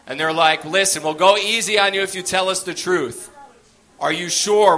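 Bright high-voiced male stand-up comic. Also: normal speed. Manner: animated, acts out voices in his story. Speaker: stand-up comedian. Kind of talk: stand-up storytelling.

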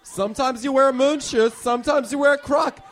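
A man's voice: very high voice, fairly even intonation, a little fast, fairly bright tone. A man playing an earnest, upbeat male fashion mentor in a comedy sketch interview, giving confident, rambling advice.

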